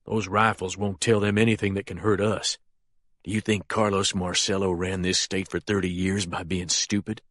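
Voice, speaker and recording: A man reading as a menacing younger male crime boss, speaking low and quietly controlled in an audiobook. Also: little pitch movement, normal speed, no echo, studio quality.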